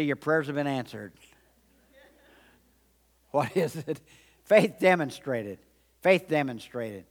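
A man pastor preaching a sermon emphatically, repeating phrases and leading the congregation in call-and-response in a large auditorium. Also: mid-range voice. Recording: long reverb of a large auditorium.

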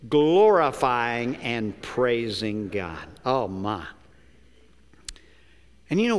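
A man's voice: mid-range voice, a bit bright. A male pastor preaching a sermon in a church sanctuary. He calls out questions for the congregation to answer and slips in joking asides. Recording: long church hall reverb.

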